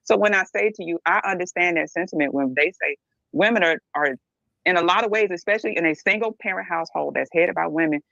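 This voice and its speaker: A woman's voice: fairly low pitch, fast talker, gravelly, fairly bright tone, dry recording, muffled recording. A middle-aged woman speaking bluntly and emphatically as a podcast guest, often checking in with "right?". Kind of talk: candid podcast discussion.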